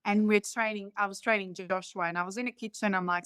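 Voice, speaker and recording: A woman's voice: mid-range voice, steady tone, quick pace, a bit bright, clean tone, no echo. A woman in her fifties speaks English with a Croatian accent and loose, non-native grammar. She wanders from one family story to the next in a casual conversation. The sound is dry and close. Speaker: guest.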